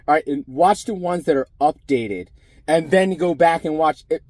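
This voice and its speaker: A man's voice: fairly high pitch, darkish tone, no echo. Blunt, profane middle-aged man. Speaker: former prison sergeant. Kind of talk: casual profane rant to camera.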